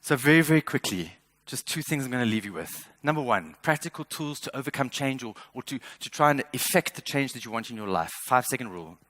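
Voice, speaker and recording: A man's voice: medium pitch, expressive, quick pace, hardly any pauses, fairly bright tone, no echo. A man in his fifties giving a motivational keynote speech. He speaks earnestly and with emphasis, and sometimes repeats words as he builds a point. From South Africa. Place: stage at a speaker showcase.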